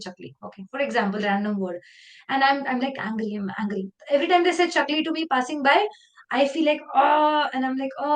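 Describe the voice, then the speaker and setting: A woman with an Indian English accent leading a live online training session, talking in a lively, conversational way and slipping into Hindi phrases. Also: a little high.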